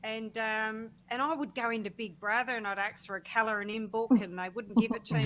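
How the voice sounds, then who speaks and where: An Australian woman guesting on a chat show, telling stories in an animated way with lots of fillers. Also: on the high side, brisk, few pauses. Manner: animated storyteller with fillers and laughs. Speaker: guest, former reality show housemate. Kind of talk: casual chat.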